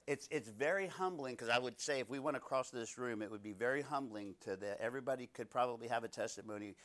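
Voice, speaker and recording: A man's voice: medium pitch, fast, a bit bright. A man in his thirties leading a Bible study, preaching conversationally through personal stories and often asking his listeners "right?".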